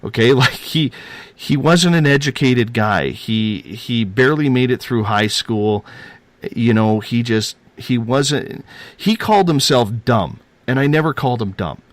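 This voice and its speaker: A man's voice: mid-range voice, measured pace, no echo. A man telling a personal paranormal story in a rambling, earnest way, repeating himself and using casual slang.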